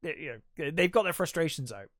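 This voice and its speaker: A man's voice: a little high, expressive, quick pace, fairly bright tone, dry recording, clean studio sound. A man co-hosting a film podcast, casually retelling the plot in a rambling way with lots of fillers. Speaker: podcast co-host. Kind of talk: casual film review chat.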